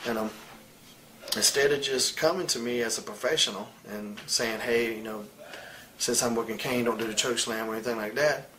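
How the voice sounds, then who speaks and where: A man's voice: medium pitch, fairly even intonation, normal speed. A man in his forties, a former wrestler, talking bluntly and profanely in a candid interview, with faint hiss behind him. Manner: blunt, profane, heated storytelling. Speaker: retired pro wrestler as interview guest.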